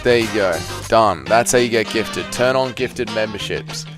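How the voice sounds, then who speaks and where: A man's voice: fairly low pitch, a little slow, over music. A man hosting a casual live stream, reading chat aloud, laughing and swearing often.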